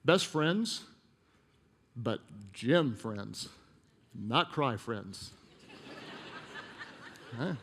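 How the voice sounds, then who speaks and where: A male pastor preaching a sermon, telling a personal story and dropping to a hushed voice at emotional moments. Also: medium pitch, expressive, extremely slow, pauses often, husky, long reverb tail. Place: church auditorium.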